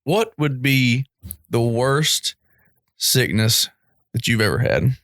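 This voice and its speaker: A man's voice: mid-range voice, takes it slowly, a bit bright, dry recording, clean studio sound. A young man co-hosting a podcast, chatting casually and laughing as he tells stories and acts out quotes. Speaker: podcast co-host. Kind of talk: casual chat.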